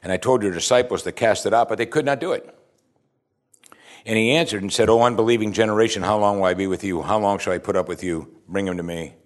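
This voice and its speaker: Male pastor, lowish voice, easygoing sermon style that mixes scripture reading with rhetorical questions. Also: fairly even intonation, fast. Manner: conversational, asks the listeners rhetorical questions; reads scripture aloud and stops to comment.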